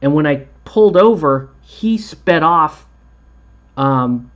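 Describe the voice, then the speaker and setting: A man's voice: on the high side, animated, takes it slowly. Chatty man, dull lo-fi sound. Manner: rambling, chatty, laughs often. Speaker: miniature painting host. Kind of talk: casual chat while painting a tutorial.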